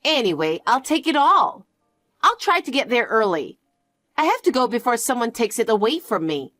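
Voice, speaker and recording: Woman voicing a mocking greedy older sister for a story read, higher and lively, dry close sound. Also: moderate pace, no echo, faint music behind. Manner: dismissive, mocking. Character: selfish greedy elder sister, woman, adult. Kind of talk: scripted story narration.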